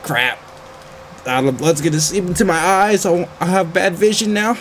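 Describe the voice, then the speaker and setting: A man giving excited, frantic commentary while playing a wrestling video game, groaning one moment and yelping the next. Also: sits high, moderate pace, a little hiss or hum. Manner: frantic, swings between groans and yelps. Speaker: gaming channel host.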